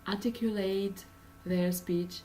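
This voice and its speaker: Slow Russian-accented woman teaching English. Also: mid-range voice, fairly even intonation, mellow, distant mic, a little hiss or hum, poor audio. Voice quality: frequent uh and um fillers, patient explaining. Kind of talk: pronunciation lesson.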